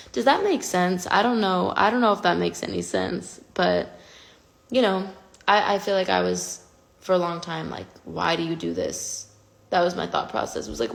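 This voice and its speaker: A woman's voice: on the low side, gravelly. A woman in her twenties chatting candidly and confessionally to fans on a phone livestream from home, rambling and self-conscious.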